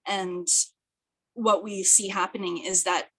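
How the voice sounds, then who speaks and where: A speaker, giving an earnest, thoughtful webinar presentation over a video call, slightly hoarse and often restarting phrases. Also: female voice, medium pitch, steady tone, a little slow, sharp tone. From British Columbia, Canada. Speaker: peer project coordinator and presenter. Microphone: video call, camera off.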